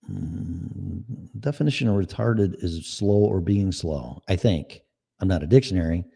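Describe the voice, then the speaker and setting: A man's voice: low voice, animated, unhurried, gravelly, warm tone, husky. A middle-aged man hosting his own show, ranting in a blunt, profane, argumentative way. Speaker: podcast host. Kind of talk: solo opinion rant.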